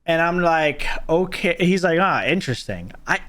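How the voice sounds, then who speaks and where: A young man telling a personal story on a livestream, animated and profane, swinging up into loud exclaims. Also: fairly high pitch, moderate pace.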